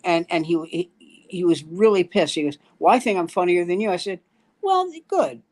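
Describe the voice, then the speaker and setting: An older man, a veteran stand-up comedian, tells a story in casual conversation and acts out the lines of the people in it. His high-pitched, slightly mellow voice keeps a steady tone at a fairly quick pace.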